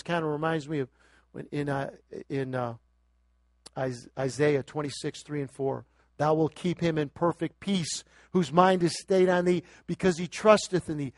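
A man preaching a sermon, moving from quiet scripture reading to loud, emphatic exhortation. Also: fairly high pitch, moderate pace, no room sound, clean studio sound. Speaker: pastor.

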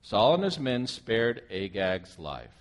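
A man preaching, his fairly low voice rising and falling in lively swings. He reads the scripture passage aloud and keeps breaking off to ask his listeners questions about it. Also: slow. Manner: animated, asks the listeners questions. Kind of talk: sermon reading and commenting on scripture.

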